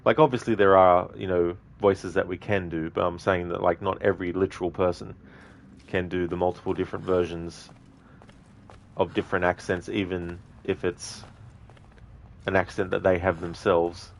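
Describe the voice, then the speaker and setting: A man's voice: low-pitched, flat delivery, moderate pace, creaky, a little hiss or hum. An Australian man streaming a video game, chatting casually and rambling with many fillers. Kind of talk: casual commentary.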